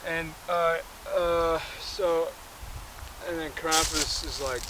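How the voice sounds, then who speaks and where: A man's voice: fairly high pitch, steady tone, slow pace, noisy background. A man casually retelling a movie plot, rambling with many filler words and restarts.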